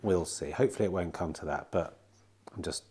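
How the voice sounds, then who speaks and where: This vlog shows a middle-aged used car dealer at a sun-drenched outdoor car lot, chatting and rambling to camera with the odd swear word. His low-pitched voice is brisk and darkish in tone, and there's a little hiss or hum.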